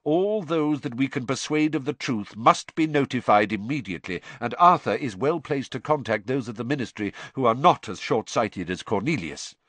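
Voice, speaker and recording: A man voicing a wise old headmaster wizard who speaks in a measured, grave and authoritative way. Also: medium pitch, expressive, a bit bright, dry recording, voice pushed up. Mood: commanding.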